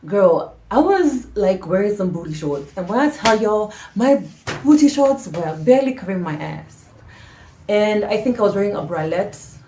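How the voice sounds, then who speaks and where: Animated woman telling a story. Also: medium pitch, normal speed, slight background noise. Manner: animated, dramatic, slangy, drops to hushed asides. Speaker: storytime vlogger. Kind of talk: casual storytelling to camera. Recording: roomy echo.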